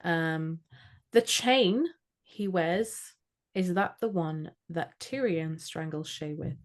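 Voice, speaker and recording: A low-voiced woman co-hosting a fan podcast in casual chat. She rambles excitedly, doubling back and restarting her sentences as ideas tumble out. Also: slow pace. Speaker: podcast co-host.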